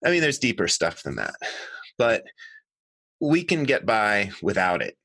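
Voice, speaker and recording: Middle-aged man, interview guest; earnest, lively storyteller with a low, forceful voice and a dry, close sound. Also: unhurried, creaky, dry recording. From United States. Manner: earnest, animated, self-correcting. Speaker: guest, water harvesting designer and author. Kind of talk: conversational storytelling.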